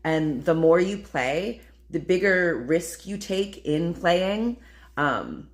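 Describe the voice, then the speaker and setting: A woman's voice: fairly low pitch, animated, slow pace. A young woman talking casually and playfully in a spiritual vlog, full of fillers and calling listeners "babe". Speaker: spiritual vlogger.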